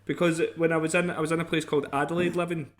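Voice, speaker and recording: A man's voice: on the high side, level tone, racing. A Scottish man chatting casually as a podcast co-host, rambling and self-deprecating. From Scotland. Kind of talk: casual chat.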